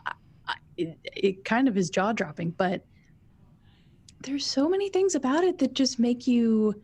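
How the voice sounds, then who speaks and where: A woman co-hosting a podcast, chatting casually in quick bursts with giggles and restarts. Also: on the high side, lively intonation, a little mellow, breathy edge. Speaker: podcast co-host. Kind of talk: casual chat.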